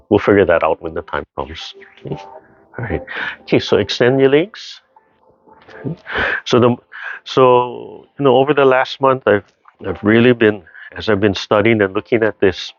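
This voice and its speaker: A man teaching a tai chi and qigong class over a video call, talking calmly and unhurriedly, repeating phrases and checking in with the class as he guides their breathing. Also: deep voice. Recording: dull lo-fi video call audio.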